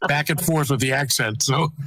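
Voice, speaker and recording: A man from New England calling in to a talk show, friendly and rambling, halting with many restarts. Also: medium pitch, crowd noise. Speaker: caller. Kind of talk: casual phone-in chat.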